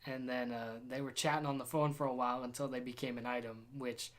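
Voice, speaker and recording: A man's voice: mid-range voice, level tone, fairly quick, fairly bright tone, a little hiss or hum. A young man narrating a casual travel vlog from a hotel room, telling rambling, jokey stories. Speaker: vlogger.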